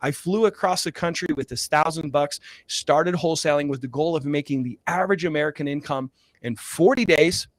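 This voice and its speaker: A man's voice: fairly high pitch, fairly quick. A man guest in an interview, earnestly telling a personal story with many fillers and growing emotion. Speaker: guest, real estate investor.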